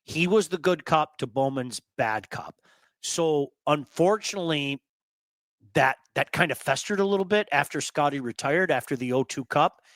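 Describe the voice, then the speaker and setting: A man hosting a sports talk show, telling stories in an emphatic, animated way and repeating words for effect. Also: on the high side, moderate pace, no echo. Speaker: sports radio host.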